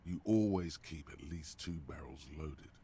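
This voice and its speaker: A man's voice: extremely low pitch, creaky, dark tone, a little hiss or hum, heavily acted. A man voicing the ominous, mocking inner voice of a troubled detective in a game, with music behind. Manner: slow, ominous, mocking narration. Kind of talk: game narration.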